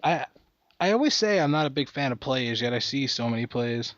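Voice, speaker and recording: A man in his twenties hosting a casual comedy podcast chat, animated and acting out movie lines as he tells them. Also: mid-range voice, a little fast, no room sound, highs cut off. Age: 20s. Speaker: podcast host.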